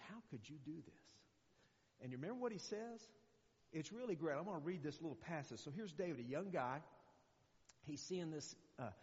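A man in his sixties preaching as a guest speaker in a conversational, rambling way, full of fillers and restarts. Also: on the high side. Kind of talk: sermon. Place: church hall. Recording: muffled echoey church recording.

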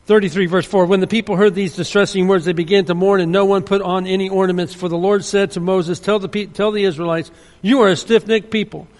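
A man's voice: high voice, fairly even intonation, fast. A man preaching a sermon, earnest and emphatic, often restarting his sentences. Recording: long hall reverb.

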